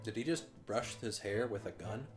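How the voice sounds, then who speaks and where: A man's voice: on the low side, normal speed. A man hosting a let's play, making wry jokes in casual commentary over game music.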